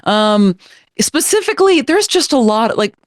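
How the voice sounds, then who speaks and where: A woman's voice: fairly high pitch, big pitch swings, measured pace, dry recording, clean studio sound. A young woman co-hosting a casual panel chat, chatty and peppering her speech with "like". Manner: chatty, lots of "like". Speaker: podcast co-host.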